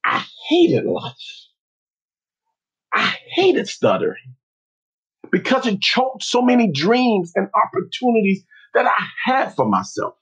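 A man telling a personal story as a motivational talk, speaking slowly and earnestly with pauses. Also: sits high, wildly swooping pitch, a bit bright, breathy edge.

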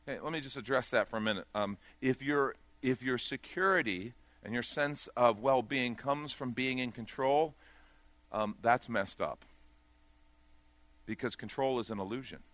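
A man's voice: moderate pace, no echo. Male pastor, sermon delivery, dynamic swings, dry close-miked sound. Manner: swings between loud urgent peaks and quiet low asides.

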